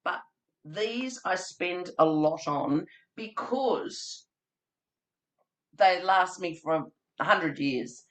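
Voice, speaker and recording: Woman trainer, theatrical and chatty, lower voice with a bright edge. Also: lively intonation, extremely slow, pauses often. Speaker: early childhood trainer presenting a webinar. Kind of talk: lively webinar presentation.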